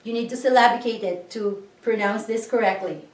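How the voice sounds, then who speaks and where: A woman teaching a language lesson, slowly and patiently breaking words into syllables and asking learners to repeat. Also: a little high. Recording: echoey room, voice a bit far from the mic.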